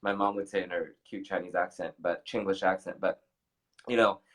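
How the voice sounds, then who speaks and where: A middle-aged man with a fairly low voice talks earnestly on a casual talk show. His manner is motivational and warm-hearted, and he laughs easily. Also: fairly even intonation, fairly quick, low-quality recording. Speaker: co-host.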